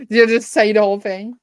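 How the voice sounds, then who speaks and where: A woman from Norway with a Bergen accent, co-hosting as a booktuber, chats casually with a friend during a reading sprint on a stream. Her medium-pitched, slightly mellow voice is giggly and packed with fillers, recorded with no room sound.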